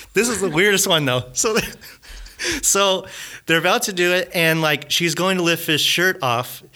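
A man's voice: high voice, a little slow, sharp tone. A man chatting casually on a podcast, rambling and restarting his sentences, often breaking into laughter. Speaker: podcast co-host reviewing a film. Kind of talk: casual chat.

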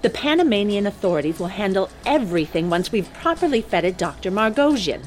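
A woman's voice: mid-range voice, very animated, a little fast, pitched below the performer's own voice, close to an everyday voice. A woman reading an audiobook, voicing a curt, commanding wealthy hostess. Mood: bossy. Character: bossy wealthy female party hostess.

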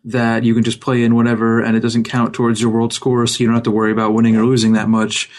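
A man co-hosting a casual gaming podcast, talking in a wry, rambling way with quick asides. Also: medium pitch, completely flat delivery, a little mellow. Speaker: podcast co-host.

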